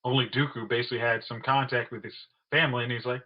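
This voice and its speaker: A man's voice: mid-range voice, quick pace. A man co-hosting a podcast, chatting casually about a show and quoting characters playfully. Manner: relaxed, quotes characters in playful voices. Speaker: podcast co-host. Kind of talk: casual movie review chat. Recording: dull lo-fi sound.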